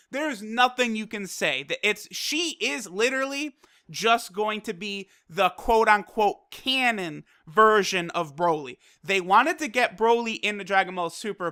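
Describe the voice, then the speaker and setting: A man reviewing an anime episode with hyped, emphatic energy and the odd casual swear. His voice is bright and sharp, pushing each point hard. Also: high voice. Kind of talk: excited episode review commentary.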